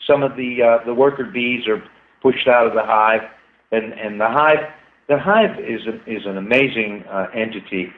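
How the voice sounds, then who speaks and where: A man's voice: medium pitch, moderate pace. A man, a guest scientist, talking at length and with enthusiasm in a casual interview. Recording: tinny phone-like line.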